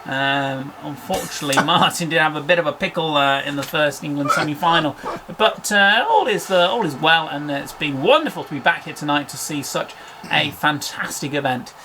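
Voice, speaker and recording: A man's voice: a little high, normal speed, noisy background. A man in a comic parody of football commentary, rambling politely through a sign-off with many fillers.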